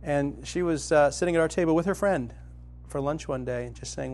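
A man's voice: brisk, few pauses, a little hiss or hum. Middle-aged man preaching a heartfelt sermon. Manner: storytelling, grows animated and loud when dramatizing, soft and low when tender.

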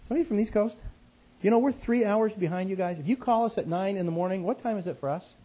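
A man telling a personal story in a conversational sermon, animated and self-deprecating, his voice jumping up high when he gets excited. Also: fast. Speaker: speaker, Christian teacher. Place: West Coast of the US.

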